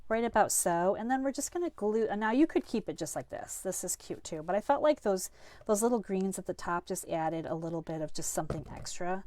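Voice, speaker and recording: Still sniffling slightly while recovering from a cold, a middle-aged woman runs a live card-making class online, cheerful, talkative, and poking fun at herself. Her voice is lowish and a little mellow, and the recording is dry.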